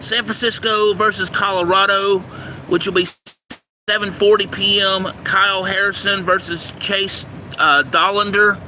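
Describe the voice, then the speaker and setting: A man with a high-pitched voice hosts a casual livestream, giving baseball picks by reading the game schedule in a steady list at normal speed with hardly any pauses. He sometimes stumbles over names. He's outdoors near a railway, with faint traffic and train noise behind him.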